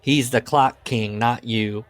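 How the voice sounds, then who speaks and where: A man's voice: mid-range voice, steady tone, takes it slowly, no echo. A man co-hosting a casual comedy podcast, reading book passages aloud with mock solemnity and laughing often.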